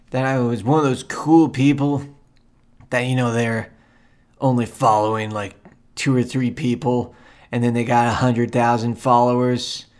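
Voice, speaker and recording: A man at an ordinary middle pitch talks through a solo spiritual podcast. He drifts from thought to thought, circles back, and repeats phrases. His talk is loose and casual, full of ums and side remarks. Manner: rambling and meandering, repeats himself; loose and conversational, with frequent ums and asides. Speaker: podcast host.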